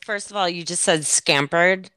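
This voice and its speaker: A woman's voice: fairly low pitch, moderate pace, pushed and bright, smooth, dry recording, studio quality. A woman hosting a podcast in casual chat, rambling and laughing as she cuts herself off. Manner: rambling, laughing, self-interrupting. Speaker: podcast host.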